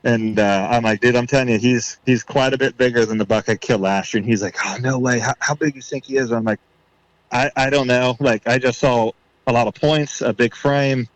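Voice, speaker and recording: A man on a podcast, telling a story in a casual way and acting out his own thoughts with rising excitement. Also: medium pitch, a little fast, no room sound, poor audio. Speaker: podcast guest.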